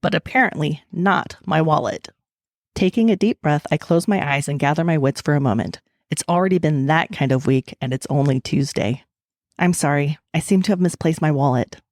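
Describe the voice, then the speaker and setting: A woman's voice: deep voice, a little mellow, no room sound, clean studio sound. A woman author talking candidly in an interview and reading her own novel aloud, laughing easily. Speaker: author and guest.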